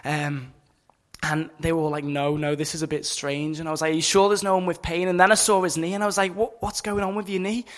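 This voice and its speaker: Earnest young man preaching, even high voice. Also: fast talker. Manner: earnest, casual, many fillers like "you know" and "just". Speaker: Christian speaker at a campus meeting. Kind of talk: informal sermon testimony.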